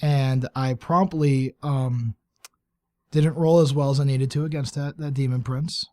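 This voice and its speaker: A man's voice: medium pitch, fairly even intonation, unhurried, dark tone. A man chatting as a podcast guest about a tabletop game, joking and teasing. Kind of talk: casual chat recapping a tabletop game.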